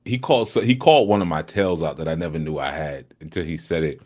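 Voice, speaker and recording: A man hosting a live study session in a casual, joking way, laughing often and moving between loud and hushed talk. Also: extremely low pitch, fast. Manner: teasing, joking with the chat.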